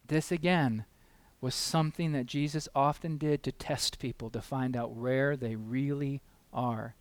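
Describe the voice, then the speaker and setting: A man preaching a sermon with passion, questioning his listeners again and again and swinging from loud emphatic peaks down to quiet asides. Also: medium pitch, steady tone, unhurried, no echo. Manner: asks the listeners many rhetorical questions; acts out the voices of people in the story.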